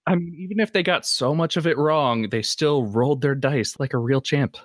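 A man's voice: on the high side, moderate pace, no room sound. A man co-hosting a podcast in casual group chat, making dry, joking remarks. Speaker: podcast co-host.

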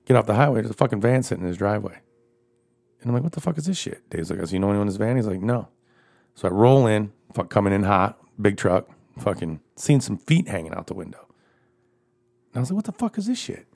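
A man telling crude, profane stories in casual chat, laughing often and getting animated as he goes. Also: on the low side, fast talker, creaky, long pauses.

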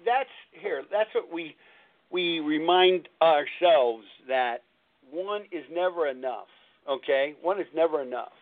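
A man's voice: on the high side, expressive, unhurried. Earnest man host on a tinny line. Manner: rambling, earnest, repeats himself. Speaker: recovery talk show host. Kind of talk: call-in talk show storytelling. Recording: tinny phone-line sound.

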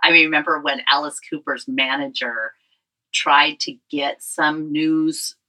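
A woman's voice: deep voice, steady tone, slow pace, bright, forceful tone, rough recording. A woman hosting a podcast who chats casually, asking questions and teasing her co-host. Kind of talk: casual chat.

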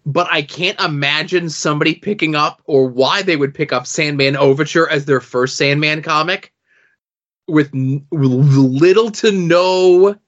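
A man's voice: fairly high pitch, fairly bright tone, lo-fi sound. A man co-hosting a podcast, giving his opinion on comics in a casual conversational way. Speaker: podcast co-host.

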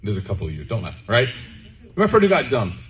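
Male preacher, low voice, relaxed joking sermon delivery that turns to prayer, faint background noise. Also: brisk. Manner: casual and joking, often checks in with the audience. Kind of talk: conversational sermon with closing prayer.

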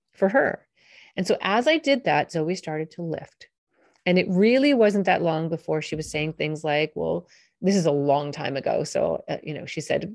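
Soft-spoken woman hosting a parenting podcast. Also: lowish voice. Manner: conversational, anecdotal, with fillers and restarts. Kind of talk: solo podcast storytelling.

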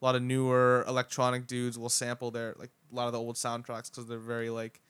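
A young man chats casually on a podcast, loose and full of fillers and swearing. His voice is smooth and clear, recorded dry and close. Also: medium pitch, completely flat delivery, fast, fairly bright tone, no room sound. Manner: laid-back, lots of fillers and swearing. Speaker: podcast host. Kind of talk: casual chat.

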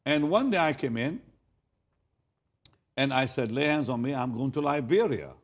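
An older man preaching in a storytelling way. His voice falls to a near hush and then rises loud for emphasis, and he doubles back on his words as he goes. His pitch sits in the middle range. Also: lively intonation, moderate pace. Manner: dramatic swings from hushed to loud; repeats words and restarts. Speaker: pastor. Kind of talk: sermon storytelling.

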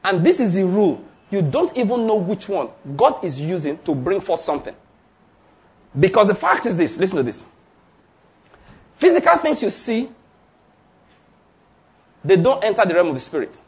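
High, lively preacher man. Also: moderate pace, pauses often. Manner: call-and-response questions to the congregation; emphatic repetition, laughs while preaching. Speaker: pastor. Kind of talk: sermon. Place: church before a congregation.

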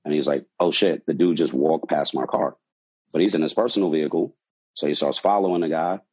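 A man's voice: rumbling low, a little fast, husky, highs cut off. A man, a bartender, telling a wild story from his shift in a casual, profane way, acting out quotes. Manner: animated, profane, acts out quotes.

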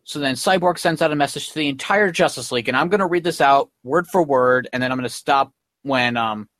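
Talking a little fast, this male podcast host has a medium-pitched, fairly bright voice and a dry sound with no room echo. His casual recap of a comic wanders around, heavy with fillers like "um" and "like."

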